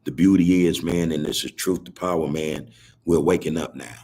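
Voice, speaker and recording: A man's voice: very deep voice, steady tone, moderate pace, mellow, husky. A man hosting a podcast on a video call, talking in a preachy, rambling, drawling way. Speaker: podcast host. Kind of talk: casual commentary.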